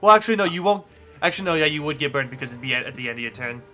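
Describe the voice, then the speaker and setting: A man's voice: fairly high pitch, animated, racing, pushed and bright, faint music behind. A man playing a tabletop game, explaining spells and rules matter-of-factly. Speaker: player.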